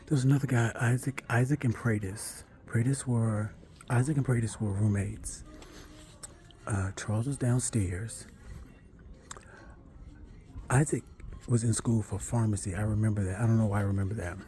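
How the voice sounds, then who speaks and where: A man tells a long, rambling personal story in a chatty way, full of asides and self-corrections, sometimes dropping to a hush. His voice is lowish with fairly even intonation, at a moderate pace with long pauses.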